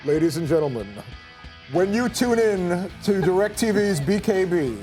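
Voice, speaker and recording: A man imitating a fight ring announcer with grand, drawn-out delivery. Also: sits high, animated, dark tone, soft background music.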